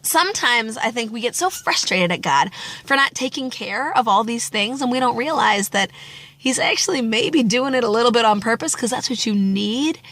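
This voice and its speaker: A woman giving an animated, chatty reflection on a gospel passage, acting out the people she talks about. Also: fairly high pitch, moderate pace. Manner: animated, chatty, acts out quotes. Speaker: Catholic speaker.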